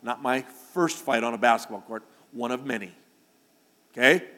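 A man preaching a sermon to his congregation, building to loud, emphatic declarations. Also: medium pitch, normal speed, in a large hall. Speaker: pastor. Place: church sanctuary.

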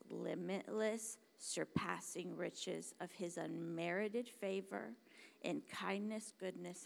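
A woman preaching a sermon, dramatic and emphatic, dropping to hushed whispers and then rising to loud exclamations. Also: lowish voice, vocal fry. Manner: emphatic, repeats words for stress.

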